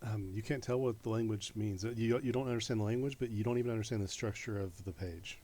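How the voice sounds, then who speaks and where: A man narrating as game master of a tabletop game, halting with many fillers. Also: on the low side, warm tone.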